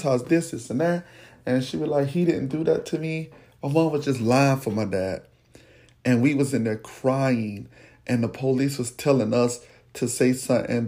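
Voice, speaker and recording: A man slowly recounting a painful childhood memory as personal storytelling, speaking. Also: medium pitch, gravelly, mellow. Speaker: podcast host telling his life story.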